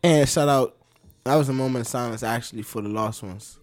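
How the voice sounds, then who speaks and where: A man's voice: medium pitch, fairly quick. A young man co-hosting a casual podcast, joking around and swearing freely. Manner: animated, joking, swears freely, laughs often. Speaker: podcast co-host. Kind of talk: casual chat.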